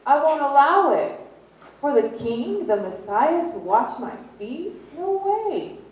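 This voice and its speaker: A man's voice: very animated, takes it slowly, heavily acted. A woman voicing an indignant male disciple who refuses to let his master wash his feet, protesting in a raised voice. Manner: protesting, high-pitched insistence. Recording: echoey room, distant mic.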